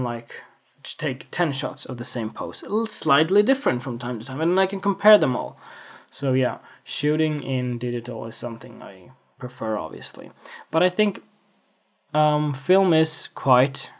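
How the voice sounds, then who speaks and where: A young man talks through a casual solo podcast on a desktop USB microphone. His voice sits at an everyday middle pitch. He rambles with restarts and self-mocking, jokingly boastful asides. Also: animated, moderate pace. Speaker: podcast host.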